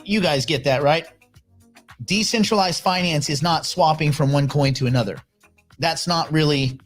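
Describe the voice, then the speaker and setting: A man's voice: fairly high pitch, fairly bright tone. Blunt, opinionated livestream host, a man. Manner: blunt, opinionated, greets viewers by name. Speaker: livestream host reading chat. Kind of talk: casual livestream commentary.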